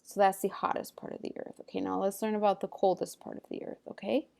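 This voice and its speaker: A woman teacher leading a recorded reading lesson, saying each word clearly and patiently in call-and-response drills. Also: medium pitch, little pitch movement, fast talker, mellow.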